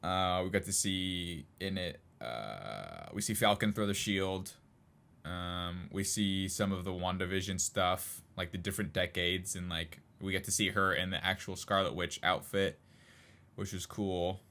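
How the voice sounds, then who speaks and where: A man's voice: low-pitched, steady tone, a little slow, gravelly, bright, forceful tone. A man co-hosting a casual podcast chat, rambling with lots of fillers and frequent laughs. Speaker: podcast co-host.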